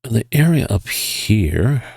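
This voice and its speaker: A man's voice: mid-range voice, sing-song, takes it slowly, creaky, darkish tone, husky, dry recording, clean studio sound. A man with a stuffed-up, sniffly nose giving casual gameplay commentary, thinking aloud in a hesitant way with chuckles. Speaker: video game player.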